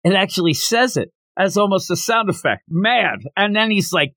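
A man's voice: high-pitched, a little fast, fairly bright tone, no echo, studio quality. A man co-hosting a casual manga discussion podcast, animatedly recapping scenes and acting out the characters' lines. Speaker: podcast co-host.

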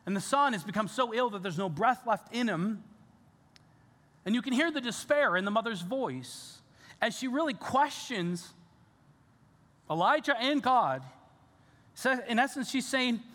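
A male pastor preaching a sermon, earnest and animated, with casual fillers and restarts. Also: extremely high pitch, a little slow, long pauses. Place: church sanctuary. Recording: church hall reverb.

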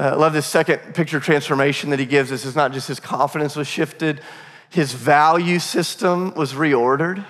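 Male pastor, forties, casual storyteller from the pulpit, slightly high voice, echo of a large hall. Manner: storytelling, conversational and animated. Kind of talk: sermon. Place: church auditorium. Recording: long hall reverb.

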